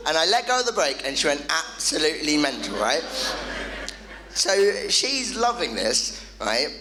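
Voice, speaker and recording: A male comedian telling an animated stand-up story on a club stage, punchy and quick to the punchline. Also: on the high side, poor audio. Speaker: comedian and compere.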